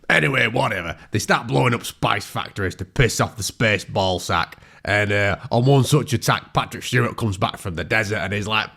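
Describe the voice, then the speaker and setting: A man narrating a crude, sarcastic, deadpan comic movie recap. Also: fairly low pitch, brisk, creaky, hardly any pauses. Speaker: comedy narrator.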